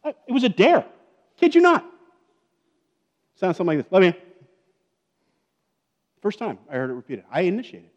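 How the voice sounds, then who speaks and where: Chatty pastor with a higher male voice, reverberant hall. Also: huge pitch swings, brisk, long pauses, highs cut off. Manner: chatty, joking asides, keeps checking in with "okay?" and "right?". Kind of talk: conversational sermon. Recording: long reverb of a large hall.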